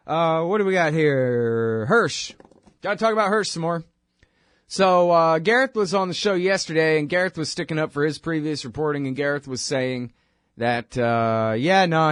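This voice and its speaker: A man hosting his own radio show, talking in a rambling, wry, conversational way full of quick asides. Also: mid-range voice, dry recording, clean studio sound. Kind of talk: casual monologue.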